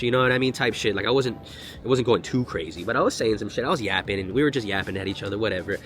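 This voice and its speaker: A young man telling a storytime vlog in an animated, slangy and profane way. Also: medium pitch, fast talker, slight background noise. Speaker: vlogger.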